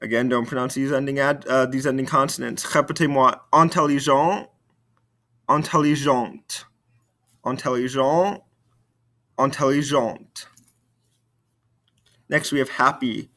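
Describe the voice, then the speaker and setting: A man teaching a recorded French lesson, slowly modeling words for students to repeat. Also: mid-range voice, fairly bright tone. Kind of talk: recorded video lesson with repetition drills.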